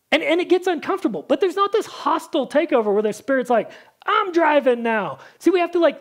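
A woman preacher with a high voice gives a casual, talkative sermon. She leans on fillers and slips into quick impressions of the people in her stories. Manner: chatty, full of "like", acts out Bible characters.

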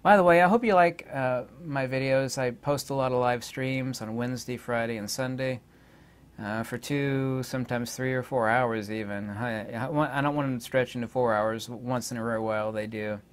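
An indignant man talks straight to his viewers in a loose, rambling monologue. His voice sits at an ordinary middle pitch, and he keeps stalling on fillers before pressing on with his complaint. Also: steady tone, moderate pace, smooth. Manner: indignant, hesitant, many filler words. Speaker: channel host.

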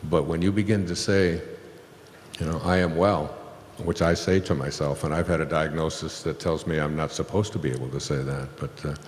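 A man's voice: rumbling low, fairly even intonation, fairly quick. A man speaking on stage about spiritual ideas, telling a story in a rambling way with many fillers and small chuckles. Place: hall with an audience. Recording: echoey hall recording.

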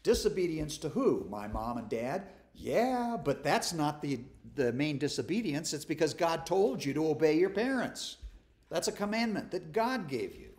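A man's voice: fairly high pitch, very animated, normal speed, darkish tone. A man leading a Bible study as its pastor, giving an informal sermon in a folksy, conversational way with self-deprecating humor and frequent restarts. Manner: stumbles and restarts often.

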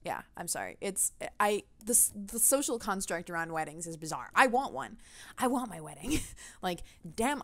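A woman's voice: mid-range voice, a bit bright, no echo. A young woman venting animatedly in a casual vlog rant, laughing often. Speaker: gaming vlogger.

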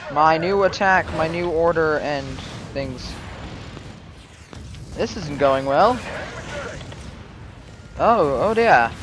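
A man giving let's play commentary, excitable, swinging between low mumbling and sudden yells. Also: a little hiss or hum. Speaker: gaming channel host.

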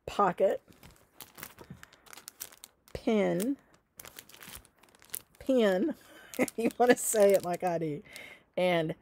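Woman host, stitching show, chatty and upbeat, dry close sound, low-pitched. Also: darkish tone, dry recording. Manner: chatty and upbeat, many fillers, laughs often. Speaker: shop owner hosting a weekly stitching show. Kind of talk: casual chat to viewers. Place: indoors at home.

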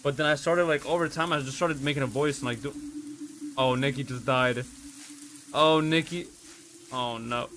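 A man's voice: medium pitch, normal speed, long pauses, noisy background. A man streaming a game live, swearing and exasperated, who keeps calling out for his teammate. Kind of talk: live gameplay commentary.

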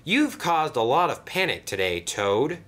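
Man doing a friendly steady engine. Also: mid-range voice, unhurried. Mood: kindly.

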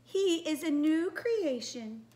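A woman voicing a dainty storybook princess, reading a verse slowly in a sing-song way for children. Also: sits high, lively intonation, warm tone, pitched above the performer's own voice. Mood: sweet, showy.

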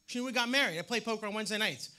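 A man from Maine performing a loud, animated stand-up set on a theater stage. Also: sits high, very fast, a little hiss or hum. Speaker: stand-up comedian. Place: theater stage with live audience.

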